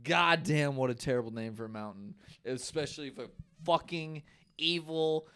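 A man co-hosting a casual podcast, telling a folklore story in an animated, profane way and laughing often. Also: on the high side, moderate pace, smooth. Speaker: podcast co-host.

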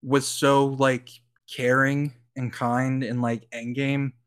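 A man co-hosting a podcast chats casually and rambles, full of likes, ums and frequent laughter. His mid-range voice is smooth and fairly bright, delivered flatly and slowly.

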